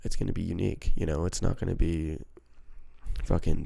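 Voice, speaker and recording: Gravelly low-voiced man rambling on a podcast. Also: steady tone, a little fast, mellow, no echo. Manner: rambling, profane, self-mocking. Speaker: podcast host. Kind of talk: casual solo podcast chat. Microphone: handheld microphone.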